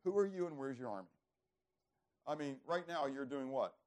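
A man preaching a sermon, throwing rhetorical questions to the congregation and swinging from loud emphasis to hushed, low passages. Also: animated, normal speed. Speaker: pastor.

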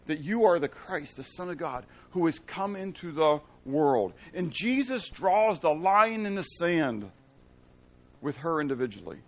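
Man, middle-aged pastor, sermon, quite high voice, very expressive pitch, emphatic, asks the congregation questions. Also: measured pace. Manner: emphatic, swings from loud to hushed.

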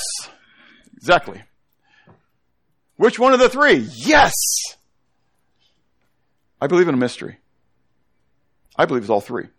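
A man with a voice on the high side teaches a Bible study sermon to a congregation. He's animated, constantly asking the room questions and coaxing children to join in.

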